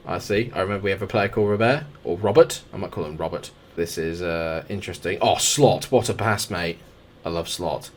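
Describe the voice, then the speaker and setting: A young man commentating his own football management game, excitable play-by-play mixed with chatty asides to the players. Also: on the low side. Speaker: gaming YouTuber. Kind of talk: live football sim commentary.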